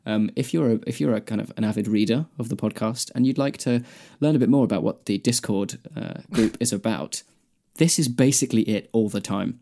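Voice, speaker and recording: A man's voice: fairly low pitch, brisk, warm tone, a little hiss or hum. A man co-hosting a podcast, reading a comic fan fiction aloud and laughing through the lines. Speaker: podcast co-host.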